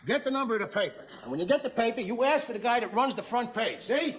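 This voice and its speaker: An actor playing a gruff, bossy working-class middle-aged husband, barking orders in a 1970s sitcom. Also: male voice, extremely high pitch, expressive, quick pace, slight background noise.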